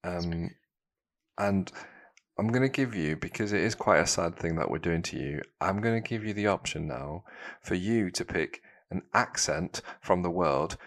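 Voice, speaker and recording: Male podcast host, very low voice, rambling, teasing. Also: expressive, normal speed. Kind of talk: casual chat.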